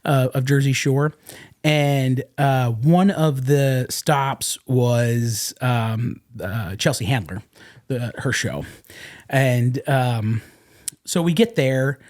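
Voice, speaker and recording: A man telling rambling, animated anecdotes as a podcast guest, with many fillers and restarts. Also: mid-range voice, slow. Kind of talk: casual storytelling. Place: podcast studio.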